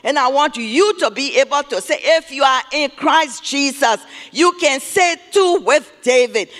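Preacher, male, very high bright voice, slow and emphatic, repeats key words, booming hall reverb. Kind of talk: sermon. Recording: long reverb of a large hall.

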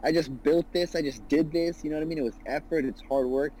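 A man's voice: fairly high pitch, quick pace, warm tone, a little hiss or hum, rough recording. A man in his twenties talking as a guest about his business, earnest and rambling, with lots of "you know" and "right". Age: 20s. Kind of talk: casual podcast conversation.

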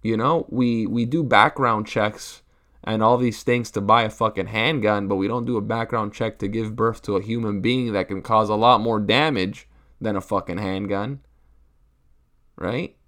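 A man's voice: on the low side, steady tone, normal speed, a bit bright. A man in a profane stand-up rant, rambling and crude, peppering his talk with rhetorical asides. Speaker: comedian.

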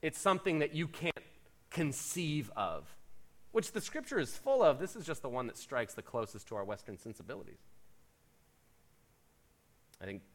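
A man pastor preaching a sermon in an animated, conversational way with playful asides. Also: mid-range voice, moderate pace, long pauses.

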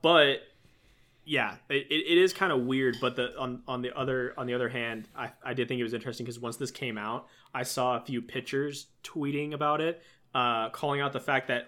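A man's voice: mid-range voice, fairly even intonation, fairly quick, bright, forceful tone. A man co-hosting a casual sports podcast, rambling with many restarts. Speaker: podcast co-host.

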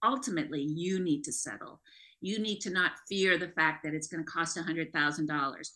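A woman's voice: deep voice, brisk, sharp tone. A woman co-hosting a podcast, explaining family recovery steps in an earnest, coaching way. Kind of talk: casual podcast discussion.

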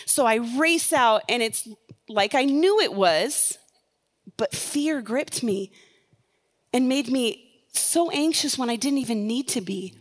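A middle-aged woman pastor delivers a sermon in a high, bright-pitched voice. She preaches with earnest urgency and weaves personal stories into her message. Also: lively intonation, a little slow.

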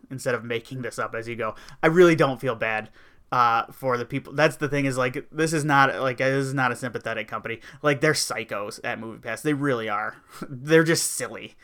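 A man's voice: mid-range voice, a bit bright, clean tone. A man hosting a podcast, chatting casually and wryly complaining, with lots of fillers. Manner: rambling, wry complaining with frequent fillers. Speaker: podcast host. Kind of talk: casual opinion chat.

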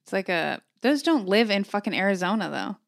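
A woman in casual chat, laid-back and quick to laugh, mostly giving brief replies. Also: medium pitch, very animated, creaky, no room sound.

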